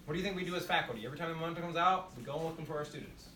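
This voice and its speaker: This male nursing instructor speaks very fast, his high-side voice bright and forceful, while drilling points and quizzing the class in a demonstration lecture. The echoey room is recorded from a distance with slight background noise.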